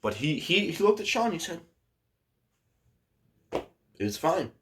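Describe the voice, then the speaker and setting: A man telling a story on his vlog in a casual, animated way, swearing freely and often restarting his sentences. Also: on the high side, fairly quick.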